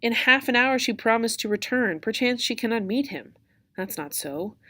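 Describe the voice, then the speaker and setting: Eager, lovesick young Juliet, read aloud in class by a woman with a raised, brighter pitch and a pushed-up volume. She pleads through the verse in a breathless rush of questions. It sounds like classroom play-reading, not staged acting. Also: lively intonation, normal speed. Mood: impatient. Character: young teenage girl Juliet, impatient and lovesick.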